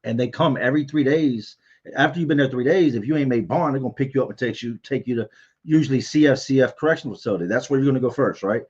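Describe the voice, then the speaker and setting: A man's voice: mid-range voice, fast talker, a little mellow, husky. A man hosts a casual livestream, telling personal stories in a frank, conversational way. His voice sits in a middle range. The audio is a little dull and lo-fi. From Virginia, US. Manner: candid, storytelling, reads out viewer comments. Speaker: livestream host answering viewer chat.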